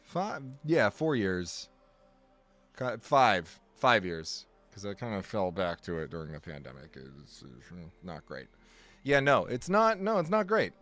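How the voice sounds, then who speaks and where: With faint music behind him, a man speaks a little slowly in a lowish, fairly bright voice that swings hugely in pitch. He's casually chatting on a live stream, rambling, fixing his own words often and joking with his chat.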